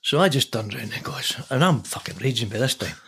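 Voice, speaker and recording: An older man with a Scottish accent spins a long, animated anecdote as a podcast guest. He swears freely and laughs often. His voice sits at an ordinary pitch with a husky grain. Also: fairly quick. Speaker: podcast guest, former player. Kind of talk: casual storytelling.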